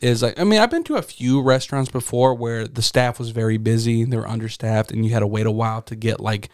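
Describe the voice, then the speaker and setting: A man's voice: medium pitch, fast, darkish tone, clean tone, dry recording, studio quality. A young man co-hosting a casual podcast, rambling through a story with lots of fillers and swearing. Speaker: podcast co-host. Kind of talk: casual chat.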